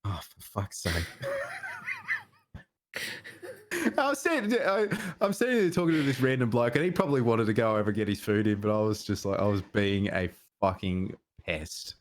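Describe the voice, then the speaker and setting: A man's voice: medium pitch, big pitch swings, normal speed. A middle-aged Australian man, a podcast co-host, telling rambling stories in casual chat and swearing freely.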